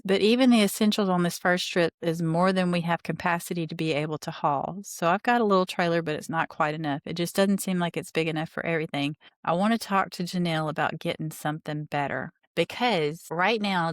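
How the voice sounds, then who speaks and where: A woman's voice: fairly low pitch, dry recording, clean studio sound. A woman podcast host casually recapping a reality show, retelling scenes and quoting the people in them, with blunt, opinionated asides.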